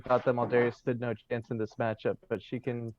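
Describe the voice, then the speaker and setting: A man's voice: medium pitch, level tone, brisk, a little mellow, lo-fi sound, slight background noise. A man, a commentator, giving analytical, light-hearted post-game analysis over an online call.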